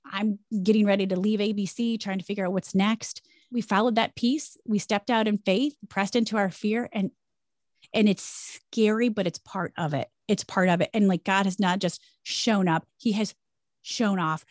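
A middle-aged woman, a former broadcaster, talking about faith and career change in an energetic, emphatic way. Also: mid-range voice, moderate pace, dry recording, clean studio sound. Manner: energetic, emphatic, preachy storytelling. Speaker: podcast guest, former broadcaster. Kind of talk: conversational faith-based interview.

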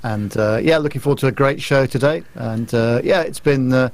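A British man greets listeners on a casual podcast. His voice sits in the middle range. He talks in an easygoing way with many small pauses. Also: mid-range voice. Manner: easygoing, hesitant with fillers. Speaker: podcast co-host.

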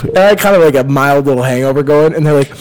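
A man's voice: a little high, very fast, background noise. A young man hosting a casual chat, telling a story with acted-out quotes and frequent laughs. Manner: animated storyteller, acts out quotes, laughs often. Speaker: podcast host.

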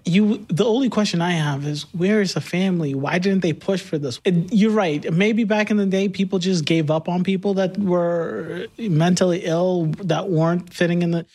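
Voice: mid-range voice, normal speed, hardly any pauses, a little mellow. Skeptical, emphatic podcast co-host. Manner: skeptical, emphatic, laughs often. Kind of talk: casual chat.

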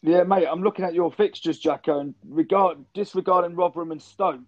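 Matey host, higher voice. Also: male voice, no room sound. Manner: matey, brisk, runs through results. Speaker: podcast host. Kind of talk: casual football chat. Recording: dull dry lo-fi sound.

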